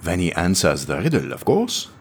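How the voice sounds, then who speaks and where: A man's voice: sits low, huge pitch swings, normal speed, vocal fry, a little hiss or hum, exaggerated voice. A man voicing a cheerful, formal host character. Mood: pointed.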